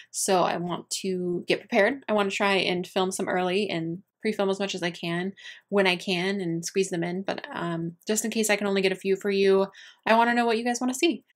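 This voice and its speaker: A young woman beauty vlogger chatting casually to her viewers, gushing and rambling with many fillers and restarts. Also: mid-range voice. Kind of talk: casual chat to camera.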